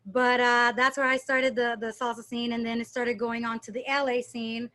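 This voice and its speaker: A young adult woman, a dancer, chatting casually in an interview and telling stories in an animated way. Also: fairly high pitch, normal speed. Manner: animated storyteller, mimics accents playfully.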